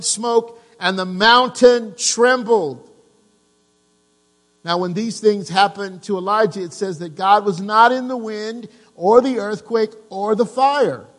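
A man preaching a sermon to his congregation, lively, asking them questions and joking. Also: high-pitched, big-room sound. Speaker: pastor. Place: church.

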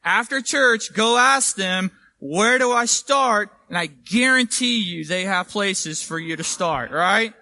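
Bright, high-voiced preacher. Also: male voice, measured pace, few pauses, dry recording. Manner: conversational and emphatic, asks "right?". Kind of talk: sermon. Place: church.

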